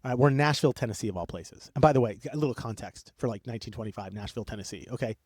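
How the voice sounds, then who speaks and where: A young man co-hosting a podcast, telling a history story in an excitable, rambling way that keeps breaking off and jumping between tangents. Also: medium pitch, very fast, no echo, studio quality. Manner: excitable, rambling, self-interrupting. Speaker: podcast co-host. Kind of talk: casual storytelling chat.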